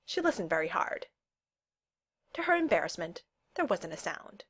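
A woman's voice: normal speed, long pauses, breathy edge. A woman reading a storybook aloud, giving the characters' lines their own voices. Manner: reads narration evenly and voices the characters' lines with lively pitch jumps. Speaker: audiobook reader. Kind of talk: storybook narration.

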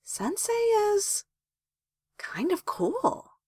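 A woman's voice: extremely high pitch, big pitch swings, extremely slow, a little mellow, pitched above the performer's own voice, full character voice. Woman doing a hesitant young girl ninja. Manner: hesitant, thoughtful.

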